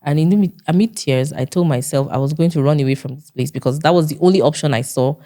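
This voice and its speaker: A woman with a Nigerian accent and a notably low voice tells her own story as an interview guest. She speaks earnestly, often repeating herself and acting out the dialogue she remembers. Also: quick pace, mellow.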